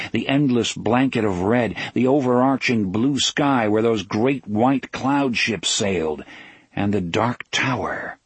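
A man narrating an audiobook in a measured, dramatic storytelling manner, slowing down for emphasis. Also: on the low side, breathy edge, dry recording. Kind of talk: scripted narration.

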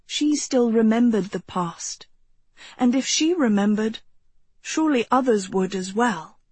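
A woman reading a novel aloud as an audiobook narrator, in a gentle, measured storytelling manner. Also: a little high, slightly rough, no echo. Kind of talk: scripted narration.

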